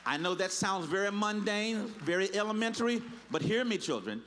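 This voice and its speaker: A man preaching a sermon as pastor, building from measured teaching to loud, shouted appeals and repeating words for emphasis. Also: high-pitched. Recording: live church sermon.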